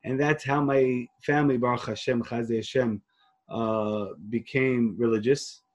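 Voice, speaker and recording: A man's voice: medium pitch, fairly even intonation, unhurried, darkish tone. A man, a rabbi telling his story in an interview, earnest and full of restarts, dropping Hebrew and Yiddish phrases. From Queens, New York. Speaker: rabbi and organization leader, interview guest.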